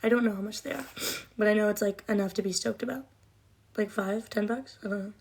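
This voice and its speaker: A woman's voice: mid-range voice, quick pace, darkish tone, husky. A young woman chatting casually on a livestream, rambling, emotional and swearing often. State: cold, shivering.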